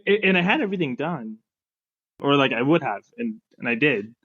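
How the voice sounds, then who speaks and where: A man's voice: medium pitch, big pitch swings, brisk, muffled recording. A young man on a casual podcast, telling a long personal story with lots of fillers and restarts. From Phoenix, Arizona. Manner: rambling, filler-heavy storytelling with many restarts. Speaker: podcast panelist, pharmacist.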